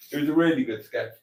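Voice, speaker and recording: With a fairly high, slightly mellow voice, a middle-aged man runs a relaxed livestream. He calls out viewer comments loudly and responds with playful mock denials and talkative asides.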